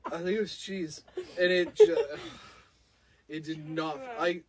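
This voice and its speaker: A man's voice: on the high side, sing-song, unhurried, gravelly, a crowd in the background. A man co-hosting a casual podcast chat, rambling and laughing, with the hiccups and a few drinks in him. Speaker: podcast co-host.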